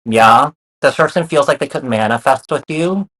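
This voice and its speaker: A man's voice: medium pitch, expressive, moderate pace, fairly bright tone. Guy doing a laid-back tarot reading, talks straight to the viewer, repeats stuff a lot, lots of fillers. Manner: repeats phrases, many fillers, reassuring. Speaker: tarot reader.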